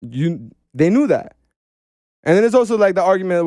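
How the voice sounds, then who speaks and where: An animated man chatting as a podcast guest, dropping "bro" and slang constantly. His voice sits a little high and sounds smooth and clear. The room is dead, with no echo. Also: normal speed, clean studio sound. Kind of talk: casual podcast chat.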